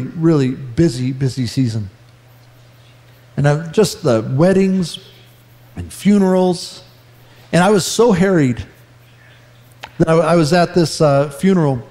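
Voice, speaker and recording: Pastor guy preaching, kinda high voice for a man, chatty and earnest, lots of big hall echo. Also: darkish tone. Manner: earnest, conversational, self-deprecating humor, slows down for emphasis. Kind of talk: sermon. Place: church sanctuary.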